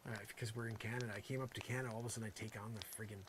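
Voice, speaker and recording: A man's voice: on the low side, fairly even intonation, racing, hardly any pauses, background noise. A man doing an improvised comedic rant, rambling and sarcastic, swinging between exasperated outbursts and muttered asides. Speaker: comedian performing a character monologue.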